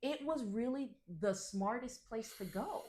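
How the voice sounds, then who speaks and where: A woman co-hosting a podcast, telling funny stories in casual chat with a playful, excited manner. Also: on the high side, unhurried. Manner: playful, laughing, excited storytelling. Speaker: podcast co-host.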